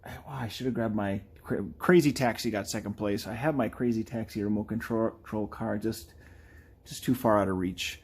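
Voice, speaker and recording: A man's voice: fairly low pitch, normal speed, breathy edge. Chatty man at the drawing desk. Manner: chatty, animated, playfully does game character voices. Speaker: artist streaming a live drawing session. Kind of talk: casual chat while drawing.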